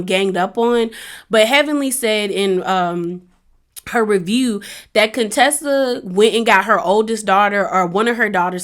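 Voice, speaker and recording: A woman's voice: mid-range voice, a bit bright. A woman hosting a casual review of a reality show episode, chatty and laughing often as she acts out what the cast said. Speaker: reality TV recap host.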